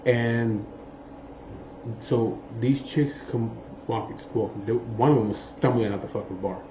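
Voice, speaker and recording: A man's voice: mid-range voice, a little slow. A man telling a story from his biker life in a rambling, profane way, forever checking in with his listener. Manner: rambling, profane, keeps saying "you know what I mean". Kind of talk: casual storytelling. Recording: muffled, roomy, faint background noise.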